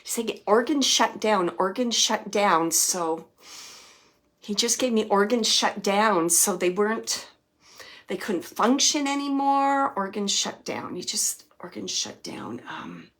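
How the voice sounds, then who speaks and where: Speaking slowly in a medium-pitched voice, a woman acts as a psychic medium hosting a live spirit-reading chat. She laughs often and chats freely, relays quoted messages brightly, and murmurs softly while searching.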